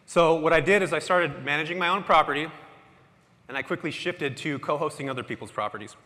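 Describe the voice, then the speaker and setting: Brief: upbeat male conference speaker, quick and bright, slightly high voice, big hall reverb. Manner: energetic, casual, quizzes the crowd. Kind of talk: motivational talk to a live audience. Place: large hall with audience. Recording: echoey hall with long reverb.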